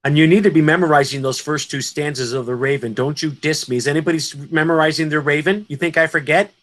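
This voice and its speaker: A man's voice: a little high, steady tone, fast, fairly bright tone. A man teaching a poetry lesson to an online class, emphatic and asking his students questions.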